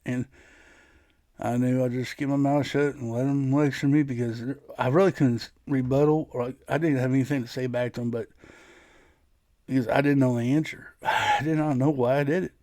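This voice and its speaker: A man's voice: medium pitch, fairly even intonation, moderate pace, darkish tone, no room sound, studio quality. A man hosting his own podcast, telling a personal story in a casual, rambling way, often restarting his sentences. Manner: rambling, frequent restarts and laughs. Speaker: podcast host.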